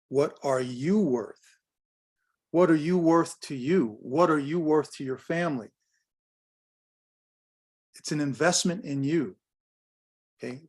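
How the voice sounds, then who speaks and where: A man in his sixties giving a workshop as a business coach, emphatic and direct, repeating his key phrases. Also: fairly high pitch. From United States. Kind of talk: workshop talk on pricing.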